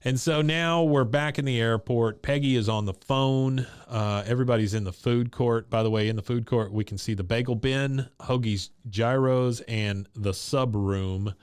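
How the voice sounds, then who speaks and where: A man's voice: medium pitch, moderate pace, hardly any pauses, clear, resonant tone, no room sound, clean studio sound. A man co-hosting a podcast, casually retelling an episode scene by scene and laughing often. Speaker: podcast co-host recapping an episode. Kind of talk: casual chat.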